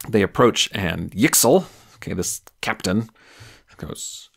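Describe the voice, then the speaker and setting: Gravelly low-voiced male game master. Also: moderate pace. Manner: musing, loose, many fillers like "like". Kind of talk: narrating a solo tabletop game.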